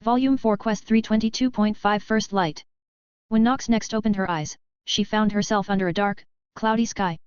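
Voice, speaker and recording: A woman narrating a web novel audiobook in a steady, even reading voice. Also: mid-range voice, moderate pace, clear, resonant tone, dry recording. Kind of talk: scripted narration. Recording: slightly dull lo-fi audio.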